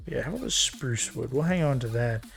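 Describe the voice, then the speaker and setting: A man streaming a building game, thinking aloud in a relaxed, muttering way as he works. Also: medium pitch, fairly quick, creaky, soft background music. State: hiccuping. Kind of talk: casual game commentary while building.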